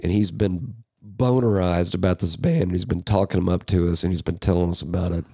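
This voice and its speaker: A man's voice: low-pitched, steady tone, a little fast, gravelly, mellow, husky, no room sound, studio quality. A young man co-hosting a podcast, rambling and swearing through casual banter. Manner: rambling, swears a lot, jokey. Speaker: podcast co-host.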